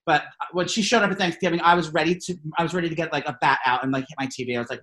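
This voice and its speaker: A man's voice: a little high, fairly even intonation, very fast, bright, forceful tone, rough recording. A man co-hosting a podcast in casual chat, gushing, profane and rambling. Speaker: podcast co-host.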